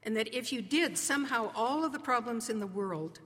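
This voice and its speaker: A woman preacher giving a sermon in an earnest, conversational way, slowing down to stress key words. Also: a little high, expressive, a bit bright. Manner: earnest, conversational preaching with slow emphatic pauses. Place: church sanctuary. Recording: long reverb of a large hall.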